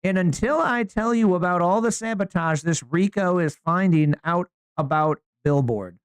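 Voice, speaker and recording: A man co-hosting a podcast, chatting casually in slangy, animated storytelling. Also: high voice, moderate pace, smooth, dry recording. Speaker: podcast co-host.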